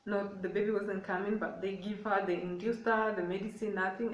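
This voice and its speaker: A woman's voice: mid-range voice, fairly even intonation, normal speed, recorded from a distance. A young woman tells a personal story in a casual, emotional way, circling back and repeating herself as she goes. She sits some way from the microphone, and the room gives her voice a hollow echo. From Kenya. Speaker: vlogger. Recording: echoey room, away from the mic.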